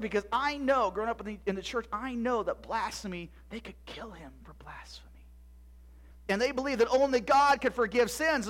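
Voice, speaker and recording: Guy doing an excited little kid from bible times, super high voice, keeps stumbling over his words. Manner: eager, breathless retelling with stammered restarts. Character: excitable little Jewish boy in Jesus' time. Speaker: church storyteller. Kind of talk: dramatic monologue for a church audience.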